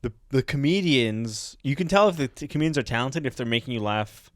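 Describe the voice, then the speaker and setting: A man in a casual podcast chat who acts out his own reactions as he tells a story. His pitch swings widely, and he is recorded close and dry in a studio. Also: expressive, fairly quick, no room sound. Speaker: podcast co-host, comedian.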